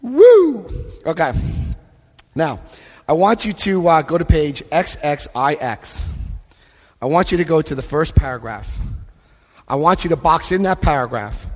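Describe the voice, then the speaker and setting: A man giving a lively recovery talk to a live convention audience, acting out scenes and voicing quotes. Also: a little high, normal speed. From United States. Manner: animated, acts out scenes, shifts voice for quotes. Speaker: AA convention speaker. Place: convention hall. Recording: long hall reverb.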